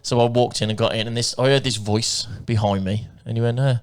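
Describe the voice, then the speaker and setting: A man's voice: medium pitch, steady tone, brisk. Man telling a rambling story. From England. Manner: rambling anecdote with swearing and acted-out quotes. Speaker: podcast co-host. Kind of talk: casual storytelling chat.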